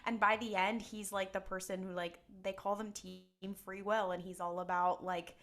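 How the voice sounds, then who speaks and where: A woman's voice: mid-range voice, little pitch movement, moderate pace, a bit bright. A woman co-hosting a podcast, chatting casually with rambling asides and restarts. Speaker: podcast co-host. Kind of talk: casual podcast recap chat.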